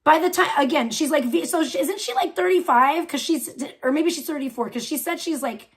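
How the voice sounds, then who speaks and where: A woman hosting a livestream, ranting loudly and scornfully with heavy swearing. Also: high voice, fairly quick. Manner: loud, profane, scornful ranting. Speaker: livestream host. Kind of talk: profane livestream rant.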